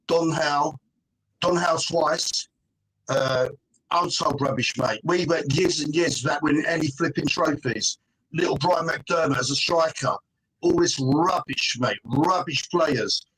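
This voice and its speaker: A man's voice: on the high side, breathy edge. Middle-aged man arguing hard on a phone call. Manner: emphatic, forceful arguing, keeps tagging "mate" and "right?". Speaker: fan panel guest. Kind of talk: casual fan podcast chat.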